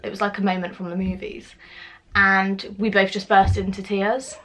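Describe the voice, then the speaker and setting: A woman's voice: mid-range voice, level tone, moderate pace, a bit bright, slight background noise. A young woman chats through a personal story for her vlog. She talks casually to the camera at home, swears freely and acts out the lines of the people in it. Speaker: vlogger.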